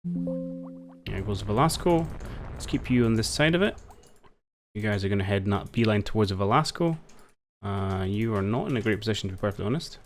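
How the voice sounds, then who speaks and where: Man, lowish voice, wry let's-play commentary, thinking aloud at the desk mic. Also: expressive, a little fast, soft background music. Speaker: strategy game let's-player. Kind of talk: casual gameplay commentary.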